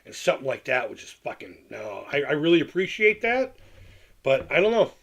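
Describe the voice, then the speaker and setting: A middle-aged man talks casually on a livestream, answering chat in a loose, rambling way. His voice sits a little high for a man, and he often doubles back on his own phrases and restarts his sentences. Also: very animated, brisk, vocal fry. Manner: rambling, candid, repeats himself, frequent restarts. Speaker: livestream host reading chat.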